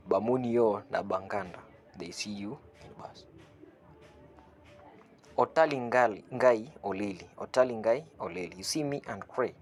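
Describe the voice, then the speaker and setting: A man giving an online language lesson, saying phrases slowly, repeating them and translating each one, with a chuckle now and then. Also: fairly low pitch. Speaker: language teacher.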